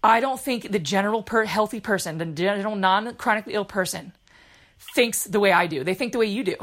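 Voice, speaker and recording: A young woman hosting a casual podcast, talking fast and chatty, laughing and teasing, recorded on a phone at home. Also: medium pitch, fairly bright tone. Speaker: podcast host.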